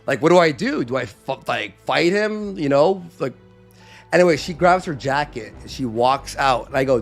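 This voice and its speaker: Animated man telling a story. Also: on the high side, normal speed, vocal fry, faint music behind. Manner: profane, animated, acts out quotes. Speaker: podcast host. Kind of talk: casual storytelling.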